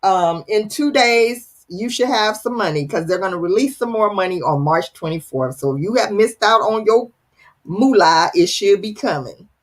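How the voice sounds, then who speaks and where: Woman host, casual livestream chat, playful and teasing, animated pitch, slightly breathy. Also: moderate pace. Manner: playful, teasing, dramatic, laughs often. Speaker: live stream host reading viewer comments.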